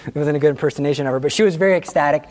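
A man's voice: fairly high pitch, rapid-fire, heavy background noise. A male teacher giving an anecdotal class talk, telling stories with animation, laughing at his own jokes and acting out the people he quotes.

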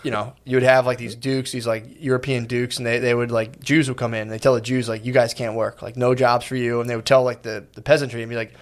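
A man's voice: mid-range voice, flat delivery, quick pace, hardly any pauses. A man co-hosting in casual chat, rambling with profanity and acting out quotes in voices. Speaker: podcast co-host.

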